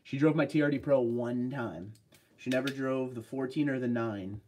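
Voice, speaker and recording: A man's voice: medium pitch, normal speed, a little mellow, a little hiss or hum. A man hosting a casual livestream, chatting upbeat and rambling as he reads out viewer comments. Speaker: livestream host.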